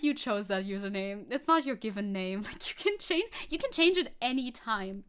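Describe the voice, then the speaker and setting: A woman streaming casually, rambling and self-mocking with frequent laughs and restarts, speaking English with a non-native accent. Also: fairly high pitch. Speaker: VTuber streamer. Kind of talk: casual livestream chat reacting to a video.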